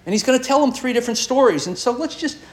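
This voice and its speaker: High-voiced man preaching a sermon. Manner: expressive preaching, pitch swinging high and low with pauses. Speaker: pastor.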